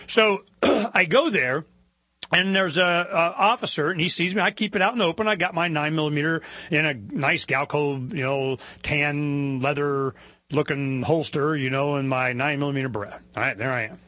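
A man holds forth on his talk show in an animated, indignant monologue, his voice climbing whenever he gets worked up. His tone is bright and forceful, sitting a little high for a man. The sound is dry and close, with no room around him. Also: moderate pace, no room sound. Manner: animated, indignant storytelling, rising pitch when worked up. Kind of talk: opinionated monologue.

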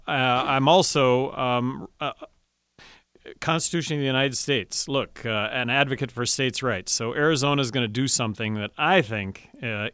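A man who is a former governor, speaking as a guest on a radio talk show in a halting way, full of fillers. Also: medium pitch, bright, forceful tone, clear, resonant tone, no echo, studio quality. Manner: halting, many fillers and restarts. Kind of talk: casual radio interview.

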